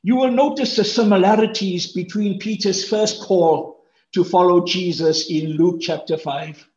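A man preaching a sermon, animated and acting out the speakers' lines with big jumps in pitch. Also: a little slow. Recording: roomy echo, dull lo-fi sound.

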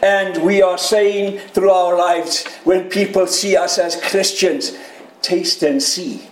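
Male pastor, high voice, slow lively preaching, reverberant sanctuary. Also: slight background noise. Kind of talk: sermon. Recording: echoey room.

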